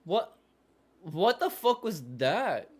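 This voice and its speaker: A man's voice: high-pitched, big pitch swings, slow pace. A man hosting a live reaction stream, calling plays and cursing in exasperated disbelief at his team. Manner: exasperated, swears constantly, shouts in disbelief; mutters play-by-play updates. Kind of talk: live game reaction commentary.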